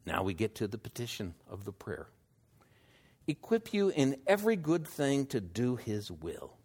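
A man preaching a sermon and reading scripture, unhurried, asking his listeners rhetorical questions. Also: mid-range voice, wildly swooping pitch, a little mellow, slightly rough. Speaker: pastor.

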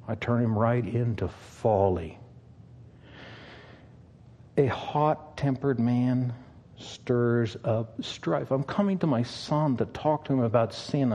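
An older man, a pastor, preaching an earnest sermon with long pauses and a pleading tone. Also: medium pitch, mellow, slightly rough, muffled recording.

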